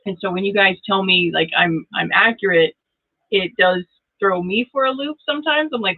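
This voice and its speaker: Over tinny, phone-like audio, a tarot reader running her own channel chats with viewers in a live reading. She's middle-aged, with a mid-range voice at a moderate pace, and she laughs a lot as she addresses the audience head-on.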